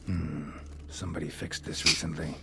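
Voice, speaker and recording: An actor playing a terse, weary male monster hunter with a gravelly voice and clipped, laconic phrasing in a video game. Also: rumbling low, little pitch movement, normal speed, very noisy, full character voice. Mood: wary. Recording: game audio with loud music under it.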